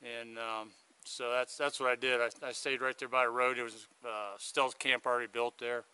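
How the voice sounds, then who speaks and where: Man, hiking vlog, outdoors, handheld camera, very bright voice, rambling chatty storytelling. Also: mid-range voice, little pitch movement, normal speed, clear, resonant tone. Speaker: hiker vlogging his thru-hike. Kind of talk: casual trail vlog storytelling. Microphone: handheld video camera.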